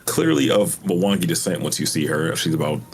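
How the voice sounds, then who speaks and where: A man's voice: low voice, sing-song, brisk, creaky, faint music behind. A man casually introducing his tabletop character in an easygoing, rambling way. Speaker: player.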